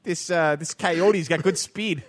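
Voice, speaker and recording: A man's voice: on the high side, a little slow. A man hosting a sports radio show, bantering casually and laughing easily with his co-hosts.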